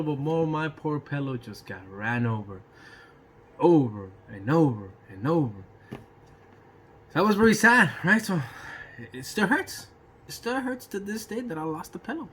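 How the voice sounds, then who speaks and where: A man telling a casual personal anecdote in an animated way, swearing freely and throwing in sound effects. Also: fairly high pitch, a little hiss or hum. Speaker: storyteller.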